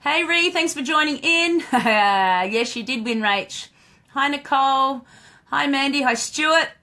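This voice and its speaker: A young woman runs a relaxed live question-and-answer stream on dog training. Her voice sits a little high and rings bright and forceful. She is chatty and quick to laugh, calling out to viewers by name as she goes. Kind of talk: casual live-stream chat.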